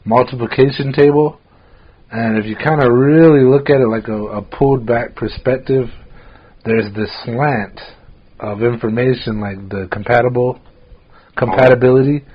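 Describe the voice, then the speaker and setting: Husky man rambling on a lo-fi podcast. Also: medium pitch, steady tone, moderate pace. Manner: loose and rambling, with laughs and fillers. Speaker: podcast co-host. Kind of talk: casual chat.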